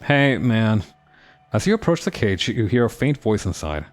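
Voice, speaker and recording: Lively man playing a game. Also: fairly low pitch, moderate pace, faint music behind. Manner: playful, reads game text aloud with commentary. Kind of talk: live game playthrough reading text aloud.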